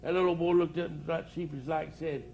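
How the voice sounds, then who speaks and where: Fast-talking and a little high, with little pitch movement, a creaky, darkish voice comes from an older country preacher laughing at his own jokes while telling rambling comic stories. He's before a live audience at an outdoor church campground, in lo-fi audio with slight hiss or hum.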